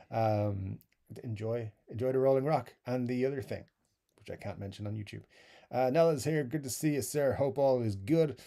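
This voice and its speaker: A relaxed middle-aged man with an Irish accent, his voice warm and mellow in tone. He chats casually through a live stream, reading out comments and chuckling at his own asides. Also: medium pitch. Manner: easygoing, chuckling, self-deprecating asides. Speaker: YouTube live stream host.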